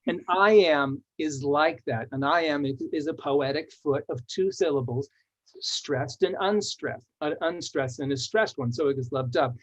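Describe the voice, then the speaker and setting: A man's voice: fairly high pitch, unhurried. A man, a children's author, presenting his book with enthusiasm and reading verses aloud in a rhythmic way. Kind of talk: book talk to readers. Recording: dull lo-fi audio.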